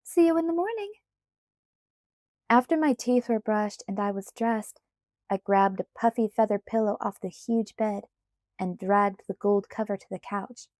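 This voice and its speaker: A woman reading a novel aloud in the first person, with measured, even storytelling on a close mic. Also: medium pitch, dry recording. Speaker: audiobook reader.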